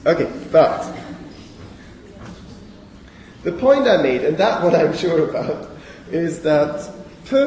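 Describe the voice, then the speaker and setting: A man's voice: a little high, warm tone, slight background noise. A man giving a university lecture, thinking aloud with frequent okays and fillers and correcting himself as he goes. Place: lecture hall. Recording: echoey lecture hall recorded from far off.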